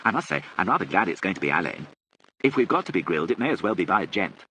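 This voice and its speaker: A man's voice: low-pitched, big pitch swings, fast, sharp tone, a little hiss or hum, pitched above the performer's own voice, heavily acted, poor audio. A man voicing a flippant, snobbish young man with glib, mocking banter.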